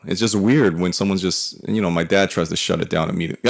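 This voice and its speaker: A man's voice: low voice, expressive, fairly quick, vocal fry. A man in his forties telling a personal story in a profane, rambling, wry way. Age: 40s. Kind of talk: casual storytelling monologue.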